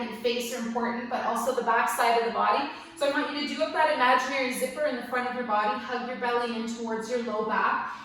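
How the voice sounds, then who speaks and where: A woman leads a yoga class with a bright, slightly high voice, gentle and playful, dropping light jokes between cues. She is heard from a little way off the mic, in a strongly echoing room. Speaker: yoga instructor. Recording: very echoey room, mic at a distance.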